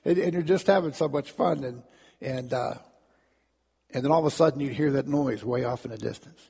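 A man's voice: medium pitch, fairly quick, creaky, darkish tone, breathy edge, long reverb tail. A man preaching a sermon in a storytelling manner, often repeating words and acting out crowd voices. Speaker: pastor.

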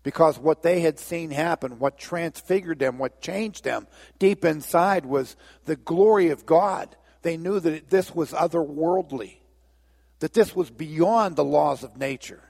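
A man delivers a storytelling sermon, slipping briefly into the voices of biblical figures. His voice sits a little high and carries a gravelly edge. A long reverb trails behind him, as in a large hall. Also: a little slow, darkish tone. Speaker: preacher.

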